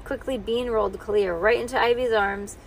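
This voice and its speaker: A woman reading a children's book aloud in a lively read-aloud manner that stumbles now and then. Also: fairly high pitch, a little fast, gravelly, a little hiss or hum. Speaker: storyteller.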